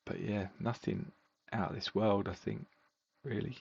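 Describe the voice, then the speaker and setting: A man's voice: lowish voice, a little slow, vocal fry, slightly rough, dull audio. A man co-hosting a podcast, chatting casually and rambling about game results. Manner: relaxed, rambling with fillers. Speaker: podcast co-host. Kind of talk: casual chat reviewing fantasy football games.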